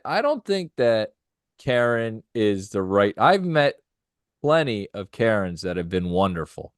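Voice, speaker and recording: A man's voice: lowish voice, very animated, measured pace, clear, resonant tone, dry recording, studio quality. A young man co-hosting a podcast in casual chat, rambling with lots of fillers. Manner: rambling, filler-heavy, laughs easily. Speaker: podcast co-host.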